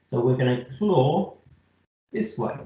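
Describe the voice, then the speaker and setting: A man's voice: medium pitch, lively intonation, slow, warm tone. A man giving a patient, step-by-step live online cooking lesson to children from a kitchen. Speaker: cookery teacher. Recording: echoey, slightly dull audio.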